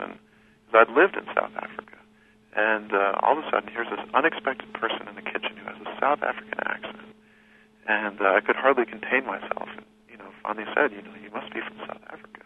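Interview guest, male, low gravelly voice, unhurried storyteller, heard over a phone line with faint hiss. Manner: thoughtful, unhurried, with frequent restarts. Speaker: guest recounting a journey.

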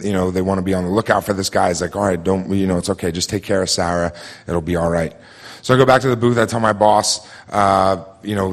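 Low-voiced man telling a story on stage. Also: fairly bright tone, in a large hall. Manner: halting, many fillers and restarts. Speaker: storyteller and evening host. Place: theater stage.

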